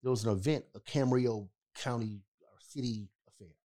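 A man's voice: medium pitch, a little fast, dark tone. A man co-hosting a podcast, telling a story in casual chat and stressing points with a repeated "okay?". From California. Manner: emphatic, repeats "okay?" for emphasis. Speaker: podcast co-host.

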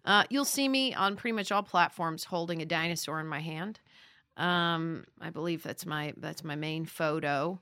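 A bubbly woman from Las Vegas, a comedic actor talking as a podcast guest, bright and forceful in tone. She gushes and jokes with quick bursts of excitement. The sound is close and dry. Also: low voice, smooth, no echo. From Las Vegas, United States. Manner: bubbly, excitable, laughs often. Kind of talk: casual podcast chat.

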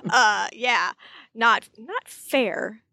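A woman co-hosting a podcast, telling the story in a chatty, animated way full of asides. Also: a little high, extremely slow, gravelly, no echo. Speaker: podcast co-host. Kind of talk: casual recap chat.

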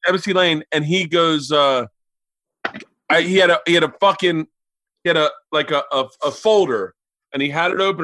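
A comedian telling rapid, profane family stories on a podcast and acting out his relatives' voices. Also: a little high, bright, forceful tone, no room sound. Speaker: comedian guest. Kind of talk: animated storytelling on a podcast. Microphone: remote call mic.

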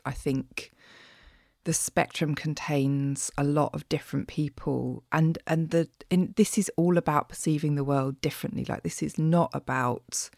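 A woman's voice: low voice, warm tone, dry recording, studio quality. A woman speaking as a podcast guest, laughing readily and agreeing enthusiastically. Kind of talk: casual conversation.

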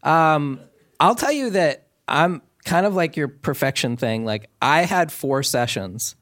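A man chatting as a guest on a live comedy talk show, animated and full of fillers, tossing in little sound effects while he explains things. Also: a little high, a little slow. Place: theater stage before a live audience.

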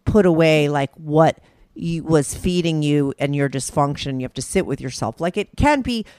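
A woman's voice: deep voice, moderate pace, a little mellow, smooth, no echo, clean studio sound. A woman hosting a talk show, chatting casually and earnestly giving advice. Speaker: host. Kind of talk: casual chat.

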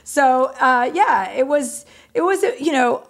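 A woman's voice: sits high, animated, measured pace. A woman comedian talking candidly as an interview guest, self-mocking and frank, with many "like" and "you know" fillers.

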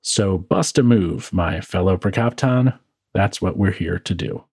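A man's voice: low-pitched, unhurried, a little mellow, slightly rough, no echo. A man hosting a podcast, reading his own reflective script with wry, dry asides, tired from working late. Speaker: podcast host. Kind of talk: scripted philosophical monologue.

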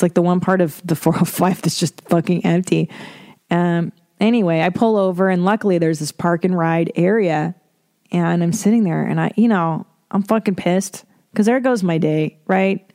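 A woman's voice: fairly low pitch, normal speed, mellow, dry recording, clean studio sound. A woman in her forties hosting a casual solo podcast, rambling through stories with lots of swearing and self-deprecating jokes. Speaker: podcast host.

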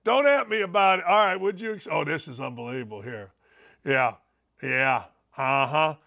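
A man hosting a sports talk show, fired up and enthusiastic, talking loudly and making sarcastic asides. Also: sits high, sing-song, moderate pace, vocal fry. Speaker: show host.

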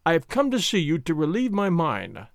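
A man's voice: on the high side, huge pitch swings, normal speed, no room sound, studio quality. A man voicing a fussy, anxious middle-aged schoolmaster who talks in a prim, mournful way. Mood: fretful lecturing.

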